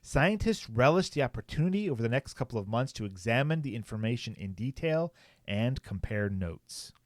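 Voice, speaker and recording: A man's voice: mid-range voice, big pitch swings, moderate pace, no echo, clean studio sound. A man co-hosting a podcast, casually reading a news article aloud, with frequent fillers and joking asides. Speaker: podcast co-host.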